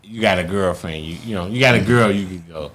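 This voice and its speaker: A man's voice: deep voice, brisk. A man, a guest telling a long story in casual, profane talk, acting out what others said. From Chicago, USA. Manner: animated, profane, acts out quotes in others' voices. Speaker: guest, former boxing champion.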